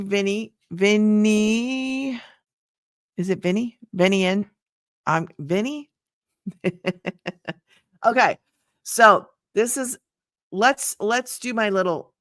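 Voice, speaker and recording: This is an older woman hosting a casual sales live stream, talking straight to her viewers. She chats, repeats herself, and thanks people by name at a middling pitch. The sound is close and dry, with no room echo. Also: a bit bright. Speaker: livestream host selling an online business program. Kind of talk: casual livestream sales talk.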